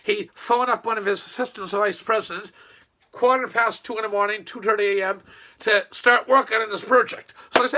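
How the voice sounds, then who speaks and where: A man's voice: high-pitched, steady tone, brisk, pushed and bright. An older man from Nova Scotia, a retired businessman, rambling in a folksy monologue full of restarts and quoted asides.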